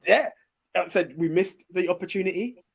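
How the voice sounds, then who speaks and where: A man's voice: sits high, moderate pace, gravelly, breathy edge. A man, hosting a podcast in casual, enthusiastic chat with many fillers and restarts. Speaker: podcast host.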